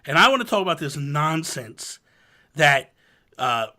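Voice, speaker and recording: A man's voice: fairly high pitch, unhurried. A young man hosting a casual gaming podcast, telling stories with lots of laughter and mock exasperation. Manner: animated storyteller, laughs often, mock exasperation. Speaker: podcast host.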